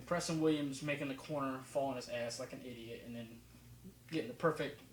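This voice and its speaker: A man's voice: fairly high pitch, reverberant, a little hiss or hum, rough recording. A man from New Jersey with a slight New Jersey accent, casually talking over football game film, rambling with fillers and restarts. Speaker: football film breakdown host.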